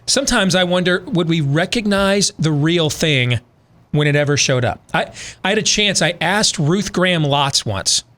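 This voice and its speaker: A man's voice: fairly high pitch, animated, moderate pace, a bit bright. A man hosting a talk radio show, talking through a conversational monologue full of rhetorical questions, then reading an ad.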